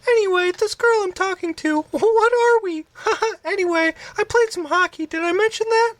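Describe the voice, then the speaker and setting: A man doing a squeaky rambling young guy. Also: moderate pace, a bit bright, no room sound. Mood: chipper. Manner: chipper, rambling, giggly. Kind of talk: impression of co-host.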